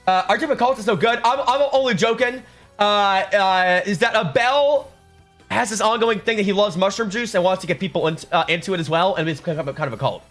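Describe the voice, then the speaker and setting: A man's voice: high voice, a little fast, a bit bright. A young man live-streaming, chatting casually with his viewers and reading out their comments, joking sarcastically and often restarting his sentences. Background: faint music.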